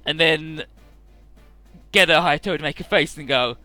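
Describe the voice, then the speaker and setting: A man rambling through casual game commentary, hesitant and prone to casual swearing. His voice is bright and animated and sits a little high. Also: brisk, no echo, faint music behind. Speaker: let's play commentator.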